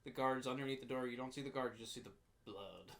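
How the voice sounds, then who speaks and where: A man chatting loosely on a podcast, retelling scenes from a slasher film. His voice sits at an ordinary middle pitch, and he laughs often, stumbles into restarts and pops up in pitch to quote characters. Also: fast talker, creaky, fairly bright tone. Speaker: podcast co-host. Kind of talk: casual movie recap chat.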